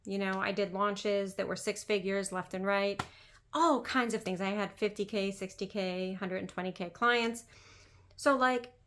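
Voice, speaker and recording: A woman's voice: mid-range voice, fairly bright tone. Woman, business coach, casual monologue, chatty and emphatic, lots of repetition.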